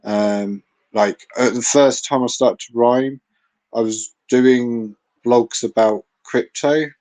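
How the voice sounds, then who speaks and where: A man's voice: mid-range voice, fairly even intonation, takes it slowly, dark tone, rough recording. Rambling English man with a mixed accent. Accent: mixed English, southern with a northern twang. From England. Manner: rambling, many fillers and restarts. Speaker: guest. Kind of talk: casual chat on a live audio space.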